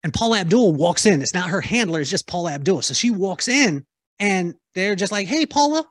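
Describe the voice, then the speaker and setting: A man telling a lively story to an audience, acting out the voices of the people in it. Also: sits high, fairly quick, dry recording, studio quality. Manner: lively, acts out quoted voices. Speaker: keynote speaker answering audience. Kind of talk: animated storytelling talk.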